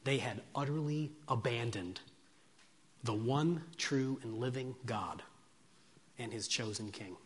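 A man preaching a sermon in a church, swinging between loud emphatic passages and hushed, quiet ones. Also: medium pitch, takes it slowly, long pauses, slightly rough. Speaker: pastor. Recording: long hall reverb.

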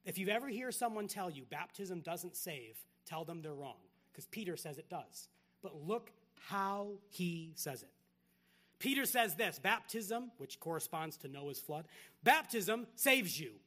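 A man preaching a sermon, firing rhetorical questions and moving between loud emphatic lines and hushed quiet ones. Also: high voice, expressive, measured pace. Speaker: pastor.

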